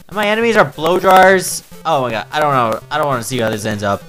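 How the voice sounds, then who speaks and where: A man's voice: fairly high pitch, sing-song, moderate pace, few pauses, a bit bright, soft background music, rough recording. A man reviewing a video game with crude, sarcastic, mocking commentary. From Newfoundland, Canada.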